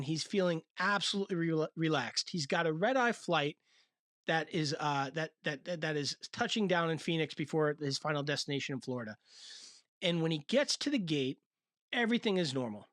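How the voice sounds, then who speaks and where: A man's voice: fairly high pitch, a bit bright, no echo, clean studio sound. A male host giving casual, slangy commentary in a chatty, hyped-up manner.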